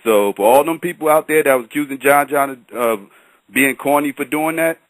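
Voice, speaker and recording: A man giving measured opinions in a casual panel chat, often hedging with "in my opinion.". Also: fairly high pitch, no echo, low-quality recording. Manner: measured, repeats "in my personal opinion". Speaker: battle rap commentator.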